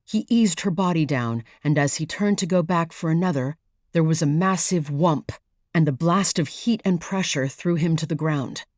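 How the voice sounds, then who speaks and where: A woman narrating a thriller audiobook in a measured, even storytelling manner, read close to the mic. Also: low voice, no room sound. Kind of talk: scripted narration.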